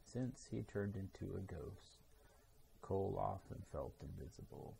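A man reading a children's story aloud in a steady, measured way. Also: low-pitched, vocal fry, a little hiss or hum, poor audio. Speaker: storybook reader. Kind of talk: read-aloud narration.

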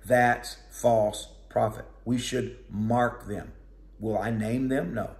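A man's voice: medium pitch, fairly even intonation, slow pace. A man preaching a sermon in a plainspoken, conversational way, with some storytelling. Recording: echoey room.

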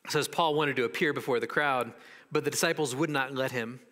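A man preaching a sermon as pastor, animated and acting out the voices of people in the story. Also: mid-range voice, brisk, long reverb tail.

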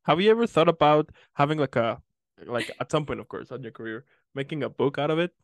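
Dry-voiced host, halting questions. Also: male voice, on the high side, animated, no room sound. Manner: short reactions, halting questions. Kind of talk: casual interview.

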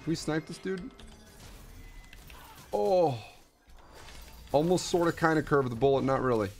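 Excitable young man streaming a game. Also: on the high side, unhurried, faint music behind. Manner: excitable, hype gamer slang, frequent laughs and exclamations. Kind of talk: gameplay commentary.

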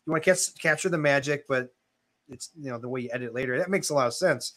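A man hosts a relaxed interview and asks long, meandering questions full of fillers. His voice is bright and forward, at a middle pitch. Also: fast. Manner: rambling questions, many fillers. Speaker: podcast host. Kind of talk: casual interview chat.

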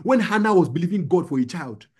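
A man's voice: high voice, expressive, fast, a little mellow, slightly rough. A young adult male pastor preaching a sermon to a small gathering, urging and repeating his lines. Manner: exhorting, repetitive preaching with call-and-response.

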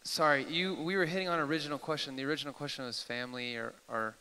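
Eager bright-voiced man in a hall. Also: medium pitch, quick pace, smooth. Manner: eager, excitable, apologetic asides. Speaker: host. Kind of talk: live Q&A sharing. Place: church hall, live audience. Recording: echoey hall.

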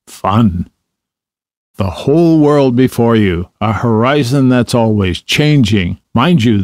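A man's voice: medium pitch, a little mellow, dry recording, clean studio sound. A man voicing a rich, boastful male toad who gushes and exclaims over his latest fancy.

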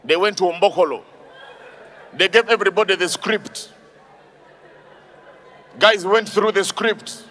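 A man doing an animated stand-up comedy routine, shouting his punchlines and acting out characters. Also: high-pitched, unhurried, long pauses, a faint crowd. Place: live comedy stage. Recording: live stage with audience noise.

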